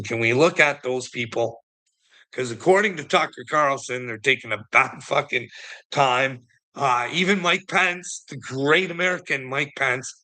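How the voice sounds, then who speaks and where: A man's voice: medium pitch, sharp tone. Profane, rambling Canadian man ranting. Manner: profane, rambling, laughs between remarks. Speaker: political commentary host. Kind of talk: casual ranting monologue.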